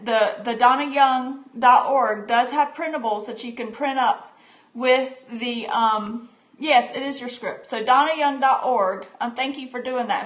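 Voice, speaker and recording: A homeschooling mother demonstrating a reading book on a casual live stream, chatting and answering viewers' comments with plenty of fillers. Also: sits high. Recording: echoey room with faint background noise.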